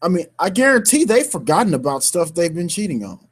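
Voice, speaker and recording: A man's voice: high voice, very animated, a little fast, slightly rough. A man co-hosting a sports radio show, ranting heatedly in slang-filled talk with bursts of laughter.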